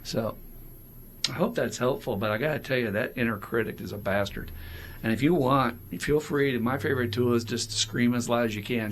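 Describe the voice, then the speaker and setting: A man with a gravelly, fry-edged voice co-hosts a casual recovery podcast. He talks openly and animatedly, slipping into quoted voices as he goes. Faint background noise sits under the recording. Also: medium pitch, a little fast. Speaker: podcast co-host.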